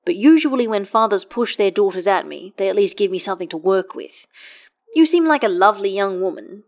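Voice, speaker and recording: A woman's voice: mid-range voice, lively intonation, a little fast, natural voice. Give me a woman playing a polite, exasperated wizard man with dry humor, in a storybook reading. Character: weary, polite, dryly witty wizard man. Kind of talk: audiobook reading of fan fiction.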